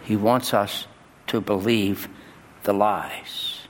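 A male pastor delivering a sermon in a church, his voice jumping high and loud on key words. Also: fairly even intonation, slow pace, a little hiss or hum. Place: church sanctuary. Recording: long hall reverb, faint ambience.

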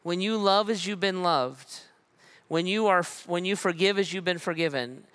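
A man preaching a sermon as pastor in a church, talking in a relaxed, conversational way with repeated phrases and slow, emphatic pauses. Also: high-pitched, clean tone.

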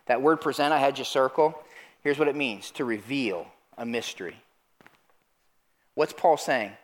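A man preaching a sermon in church, asking the congregation questions and urging them to answer out loud. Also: mid-range voice, a little slow. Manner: animated, calls out questions to the congregation. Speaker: pastor. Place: church sanctuary.

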